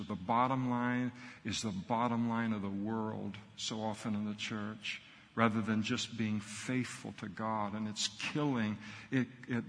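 A man's voice: on the low side, gravelly, a bit bright, long reverb tail. A middle-aged man, a pastor, preaching a sermon earnestly and emphatically in short punchy phrases.

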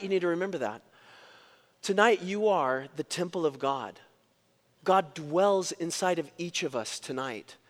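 A man preaching a sermon as pastor, telling stories with big swings in pitch and loudness. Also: in a large hall.

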